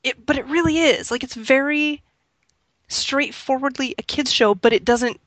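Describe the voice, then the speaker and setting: A woman's voice: high voice, moderate pace, fairly bright tone, dry recording. A woman chatting casually and wryly about movies.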